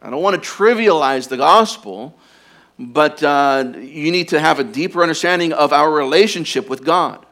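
A man preaching a sermon, earnest and urging, often dropping to a quiet intensity to press his points. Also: fairly high pitch, moderate pace. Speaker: pastor.

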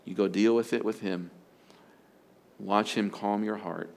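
Low-voiced, slow-paced preaching man. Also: steady tone, creaky. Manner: earnest, emphatic preaching with repeated phrases. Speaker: pastor. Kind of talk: sermon on marriage.

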